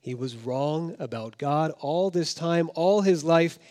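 A man preaching a sermon as pastor, swinging from loud emphasis down to hushed, quiet tones. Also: on the high side, animated, slow. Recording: long hall reverb.

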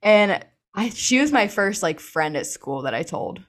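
A woman's voice: mid-range voice, big pitch swings, a little slow. A young woman telling a personal story as an interview guest, chatty and full of fillers, laughing often.

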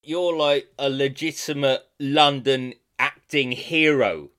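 A man's voice: mid-range voice, fairly even intonation, takes it slowly, fairly bright tone. A man hosting a podcast, interviewing a guest with eager admiration. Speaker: podcast host.

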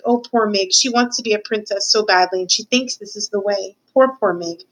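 A woman reads a children's novel aloud, speaking straight to the listener as "reader" and making the occasional small slip. Her voice is on the high side and fairly bright, captured in a low-quality recording.

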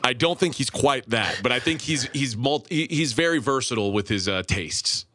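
A man co-hosting a casual chat, talking in a measured, slightly hesitant way. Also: mid-range voice, lively intonation, a bit bright, no room sound, clean studio sound. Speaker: co-host.

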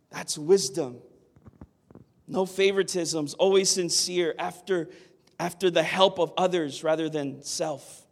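A man's voice: a little high, fairly even intonation, a little slow, gravelly. A man preaching a sermon, earnest and emphatic, often asking the listeners "Amen?". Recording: long hall reverb.

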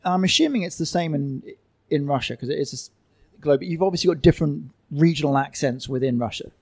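A man's voice: on the high side, quick pace, a little mellow, breathy edge, dry recording. A man co-hosting a casual chat who throws in teasing asides. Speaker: podcast co-host.

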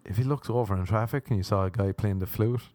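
A young Irish man delivers a rambling, mocking stand-up monologue, frequently slipping into silly put-on voices. His voice is on the low side, quick-paced and darkish, with no room sound.

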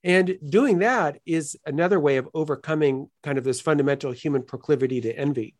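A man with a somewhat high-pitched voice lays out a philosophical argument step by step in an interview. His delivery is earnest and animated, like a teacher who enjoys the material. He keeps pulling the listener along with a quick "right?". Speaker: guest philosopher. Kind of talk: explanatory interview talk.

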